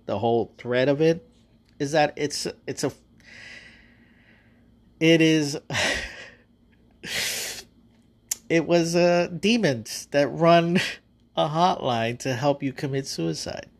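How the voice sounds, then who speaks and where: A man hosting a podcast, casually recapping his own stories in a loose, rambling way with frequent fillers and swearing. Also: a little high. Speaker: podcast host. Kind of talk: casual storytelling monologue.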